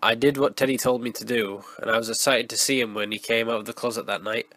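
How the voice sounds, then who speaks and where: Man, horror story narrator, hoarse from a cold, mid pitch, dry close sound. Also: fairly even intonation, quick pace, bright, forceful tone, dry recording. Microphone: raw, unprocessed close mic.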